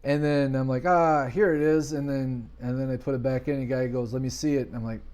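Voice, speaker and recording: Male podcast guest, animated storyteller, mid-pitched, casual chat. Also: fast. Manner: animated storyteller, acts out quoted voices. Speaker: podcast guest, business owner.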